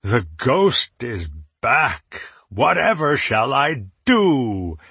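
A man voicing an arrogant, cruel swordsman villain who jeers and growls threats, in a low, husky voice. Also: moderate pace, fairly bright tone, no room sound, full character voice. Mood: jeering. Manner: jeering, menacing.

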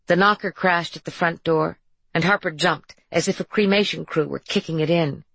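A woman narrating an audiobook in a measured, even reading. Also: on the low side, vocal fry, husky, no echo. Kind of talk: scripted narration.

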